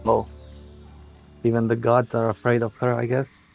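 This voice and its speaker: A man speaks as a player in a tabletop game, with a gravelly, creaky voice at a middle pitch. His remarks are offhand and joking. Faint music sits behind him. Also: completely flat delivery, normal speed, a little mellow. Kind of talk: casual tabletop game play.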